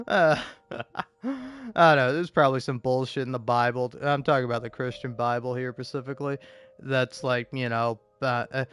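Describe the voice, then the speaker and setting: Rambling, profane man with a smooth voice. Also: mid-range voice, normal speed, a bit bright. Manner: meandering, profane, stammering with many fillers. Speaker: live streamer. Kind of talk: rambling casual monologue.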